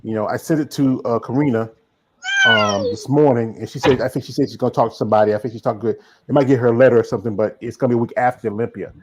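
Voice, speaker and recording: A man's voice: mid-range voice, rapid-fire, very noisy. A man with a Southern US accent hosting a podcast in casual chat, rambling with many fillers and restarts. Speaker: podcast host.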